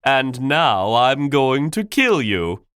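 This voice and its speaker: A man's voice: mid-range voice, big pitch swings, takes it slowly, a bit bright, smooth, dry recording, studio quality. A man reading an audiobook for learners, voicing a cruel male peacock villain with a cold, taunting manner.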